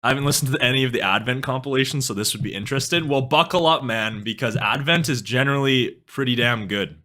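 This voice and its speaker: A young man from western Canada with a Canadian accent, a music streamer, rambles casually to his live-stream chat. His mid-range voice is quick and sharp-toned, and he swears casually and loses his train of thought.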